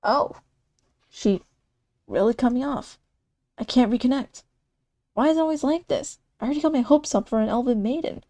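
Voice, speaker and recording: A woman's voice: a little high, moderate pace, pauses often, dark tone, no room sound. A woman voicing a lovesick nerdy man obsessed with elves, in a whiny, pleading manner.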